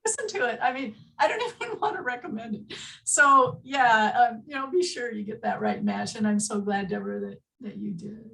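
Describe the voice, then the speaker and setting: A woman author telling a frank, animated story during a video call. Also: fairly high pitch, normal speed, vocal fry, recorded from a distance, poor audio. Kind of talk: casual video call conversation.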